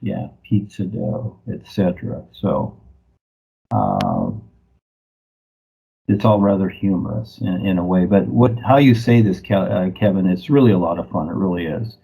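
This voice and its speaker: A man's voice: deep voice, animated, a little slow, gravelly, husky, dull audio. A man chatting casually, rambling from one thought to the next with an easy chuckle. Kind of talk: casual chat.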